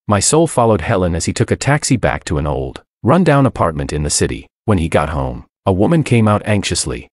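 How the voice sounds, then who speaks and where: Deep voiced guy reading a dramatic story, lively swings, dry close sound. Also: a little fast, hardly any pauses, dry recording. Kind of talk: scripted first-person story narration.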